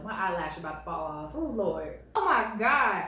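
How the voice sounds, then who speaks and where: A woman in her late twenties reads online stories at home and gives her own animated, sassy commentary. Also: fairly low pitch, moderate pace, few pauses, heavy reverb, far from the mic, rough recording. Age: late 20s. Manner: animated, sassy, laughs a lot. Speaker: reddit story reader and commentator. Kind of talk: casual commentary vlog.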